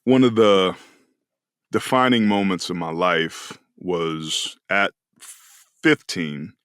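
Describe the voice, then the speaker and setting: Deep-voiced man telling an earnest story. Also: takes it slowly, a bit bright, smooth, dry recording, studio quality. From California, US. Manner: earnest, emotional, reflective. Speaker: podcast guest, former pro football player. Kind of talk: casual storytelling conversation.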